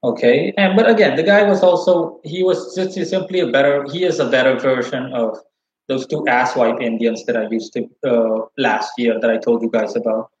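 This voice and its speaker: A man's voice: mid-range voice, normal speed. A man telling a long story to his livestream viewers, rambling, cursing and restarting as he goes. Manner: rambling, profane, animated retelling. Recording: roomy, slightly dull sound.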